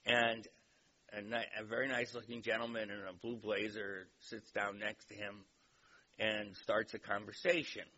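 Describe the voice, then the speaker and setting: A man's voice: lowish voice, little pitch movement, moderate pace, bright, forceful tone. A man giving a lecture in a chatty, digressive way and telling a joke, on a dull recording with faint hiss. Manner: conversational, digressive storyteller.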